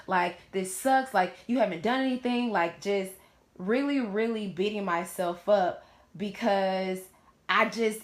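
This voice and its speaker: A woman's voice: mid-range voice, a bit bright. A woman in her late twenties, hosting a live Q&A, who shares her personal story in a casual, candid way and swears freely. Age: late 20s. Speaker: host of a live Q&A stream. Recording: roomy echo.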